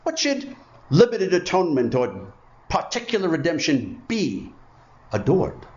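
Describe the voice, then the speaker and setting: Male preacher, animated pitch swings, emphatic repetition; dull lo-fi church recording. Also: unhurried. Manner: emphatic, repeats phrases for effect. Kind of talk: sermon. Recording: muffled, lo-fi sermon recording.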